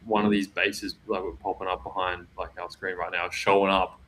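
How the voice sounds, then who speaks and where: Brief: low-pitched young Aussie co-host, easygoing chat, light background noise. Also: male voice, little pitch movement, moderate pace, fairly bright tone, rough recording. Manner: laid-back, laughing, says bro and dude. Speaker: podcast co-host. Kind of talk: casual livestream chat.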